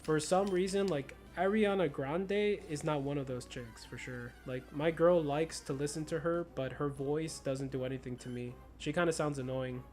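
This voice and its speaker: A man's voice: on the high side, normal speed, hardly any pauses, darkish tone, soft background music. Laid-back young American streamer guy. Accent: slight Spanish-influenced American. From United States. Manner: laid-back, slangy, laughs often. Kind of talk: casual chat while gaming.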